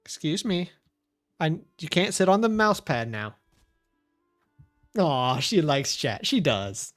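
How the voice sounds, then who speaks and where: A man streaming a video game, chatting in a casual, rambling way and talking softly to his pet. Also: on the high side, very animated, takes it slowly, faint music behind. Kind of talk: casual chat while gaming.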